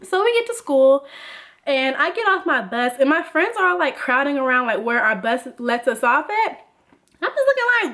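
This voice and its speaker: Animated young woman telling a story. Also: high-pitched, moderate pace. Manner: animated, laughing, lots of filler "like". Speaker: vlogger. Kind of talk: casual storytime.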